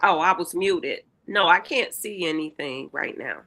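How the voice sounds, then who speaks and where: A woman's voice: lowish voice, animated, unhurried, bright, forceful tone. A woman joining a podcast as a guest, dry and teasing in casual chat. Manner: dry, teasing, matter-of-fact. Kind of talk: casual talk show chat.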